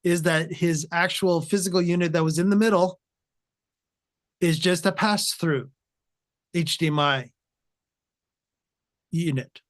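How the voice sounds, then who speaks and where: A man's voice: on the high side, measured pace, pauses often. Chatty host, a man filling with "again". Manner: conversational, filler-heavy, repeats "again". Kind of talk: casual explanatory chat.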